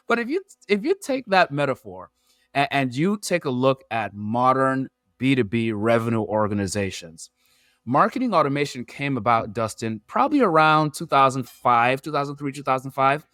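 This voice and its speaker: A man, a podcast guest who explains his points through lively analogies and metaphors. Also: mid-range voice, normal speed, dry recording, clean studio sound. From Nigeria. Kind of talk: animated storytelling in an interview.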